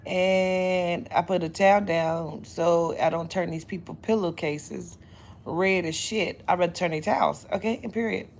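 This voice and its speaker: A woman's voice: lowish voice, steady tone, a little slow, gravelly, slight background noise. A woman, chatting casually and profanely on a livestream from her bedroom. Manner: profane, loud, laughing storyteller. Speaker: psychic livestream host. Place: bedroom, indoors.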